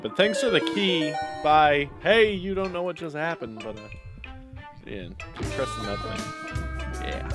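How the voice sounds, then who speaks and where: A man giving excitable let's play commentary, reacting loudly to a game as he plays. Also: on the high side. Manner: excitable, yelps and shouts at the game. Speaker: gaming YouTuber.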